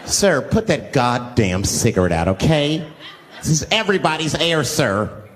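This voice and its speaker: A man voicing a prim, uptight female bus passenger who scolds in a shrill, indignant way. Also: sing-song, measured pace, a little hiss or hum.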